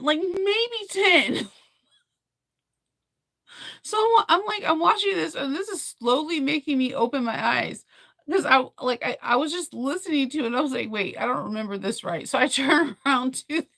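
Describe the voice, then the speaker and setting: Young woman vlogger, rambling and animated, a bit high with some fry. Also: normal speed, dry recording, studio quality. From United States. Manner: rambling, animated storytelling with many fillers and laughs. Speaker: vlogger recapping a film. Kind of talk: casual chat.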